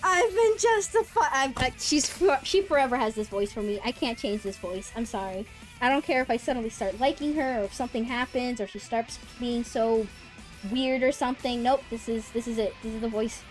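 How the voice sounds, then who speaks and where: Young woman, live game streamer, high voice, excitable, laughs often, swears freely, faint game music behind. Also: a little fast.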